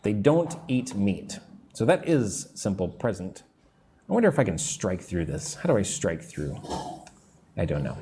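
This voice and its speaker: A man's voice: fairly low pitch, sing-song, warm tone, a little hiss or hum. A man teaching English in a live online lesson, explaining grammar step by step and answering viewer comments. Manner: drawn-out, patient teacher delivery.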